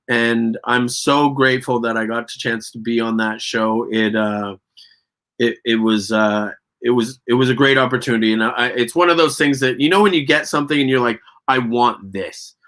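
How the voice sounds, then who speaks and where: A Canadian man, an actor and guest, telling stories in a casual interview, animated and profane, often laughing. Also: mid-range voice, moderate pace.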